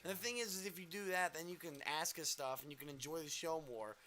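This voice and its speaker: Male podcast co-host, loose and profane banter, very bright timbre. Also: on the high side, fast. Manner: loose, joking and profane, plugs the show. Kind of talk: casual live-stream banter.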